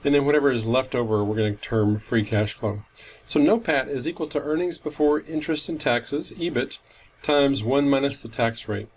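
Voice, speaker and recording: A man's voice: medium pitch, normal speed, slight background noise. Man giving a methodical finance lecture. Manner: methodical, self-correcting explanation. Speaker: finance instructor. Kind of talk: recorded lecture.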